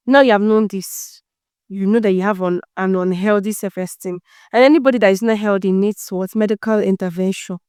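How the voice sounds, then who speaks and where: A woman's voice: a little high, brisk, clean tone, no room sound, studio quality. A woman hosting a motivational self-help talk, preachy and teasing, full of rhetorical questions. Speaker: self-help podcast host.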